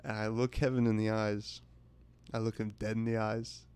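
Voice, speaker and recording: A young male podcast host tells a rambling comic story that pokes fun at himself, acting out the lines of other people. His voice is on the low side and darkish, clean in tone, with flat delivery at a normal speed.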